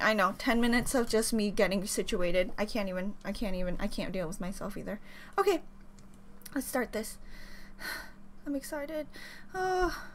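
A woman giving an excited reaction commentary, gushing and squealing with repeated exclamations over faint music. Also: fairly high pitch, a little hiss or hum. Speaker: reaction video creator.

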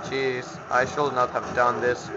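Man, gameplay commentary, sarcastic, swearing, slow-paced, dull lo-fi recording with hiss. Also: mid-range voice, monotone. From Finland. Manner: grumbling, sarcastic, swears at enemies. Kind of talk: let's play commentary. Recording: lo-fi home mic with background noise.

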